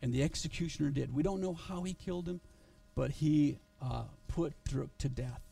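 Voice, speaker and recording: A male pastor telling a story in a sermon, earnest and halting, with frequent restarts, recorded in a church. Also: fairly high pitch, creaky, dark tone, recorded from a distance, faint music behind.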